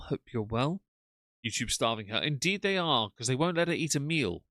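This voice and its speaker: A man's voice: medium pitch, expressive, a little fast, pushed and bright, no room sound. A man hosting a live stream, commenting in a sarcastic, mocking way.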